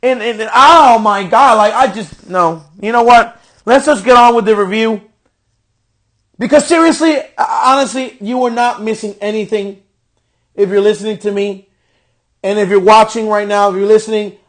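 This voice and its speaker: A young man with a strikingly high-pitched voice hosts his own podcast. He rants in frustration and swears constantly while reviewing a wrestling show, sometimes rising almost to shouting. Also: steady tone, moderate pace. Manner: frustrated ranting with heavy profanity. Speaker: podcast host.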